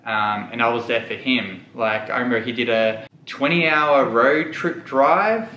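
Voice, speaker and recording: Young male vlogger, emotional and tearful, crisp voice, slight background hum. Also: medium pitch, measured pace, sharp tone, highs cut off. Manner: candid, tearful, holding back tears. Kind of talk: emotional storytime to camera. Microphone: camera mic. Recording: echoey room.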